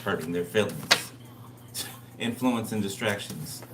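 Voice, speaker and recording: A man's voice: fairly low pitch, slow pace, roomy sound, recorded from a distance, heavy background noise. A man giving a casual spiritual reading. He talks bluntly and emphatically, repeats himself, and swears freely. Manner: blunt, repetitive, profane. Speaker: tarot reader.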